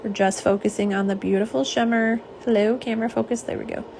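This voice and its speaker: A woman's voice: a little high, fairly even intonation, fast talker, creaky, a little hiss or hum. Chatty woman live-streaming swatches. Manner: chatty and warm, lots of fillers and asides. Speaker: nail polish swatcher. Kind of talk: live-stream chat, reading viewer comments. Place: home office.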